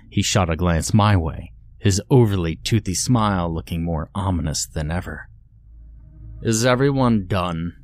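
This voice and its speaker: A man narrating a horror story in a measured, grim storytelling manner. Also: low voice, a little mellow.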